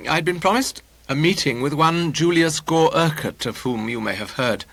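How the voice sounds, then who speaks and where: A man voicing a pompous, self-important painter who speaks in grand, measured tones. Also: fairly high pitch, gravelly, fairly bright tone, no echo, pitched above the performer's own voice.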